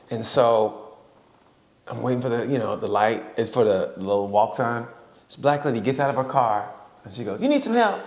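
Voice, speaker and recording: Animated, profane man in an echoey room. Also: a little high, vocal fry. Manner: profane, laughing, animated storyteller. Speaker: podcast co-host. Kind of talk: casual storytelling chat. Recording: roomy echo.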